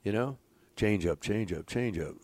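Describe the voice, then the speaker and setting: Older man telling animated stories. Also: lowish voice, moderate pace, dry recording. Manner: animated, chuckling raconteur. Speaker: former baseball pitching coach. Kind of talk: casual storytelling in conversation.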